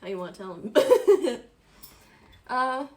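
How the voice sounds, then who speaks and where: A woman's voice: fairly high pitch, sing-song, slow, darkish tone, slight background noise. A woman in her twenties chatting casually at home while hosting a dinner livestream, talkative and giggly with frequent laughs. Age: 20s. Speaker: streamer hosting a dinner stream.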